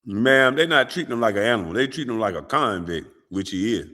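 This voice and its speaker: A man hosting a show, talking in casual, animated and profane commentary. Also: lowish voice, fairly quick. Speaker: show host.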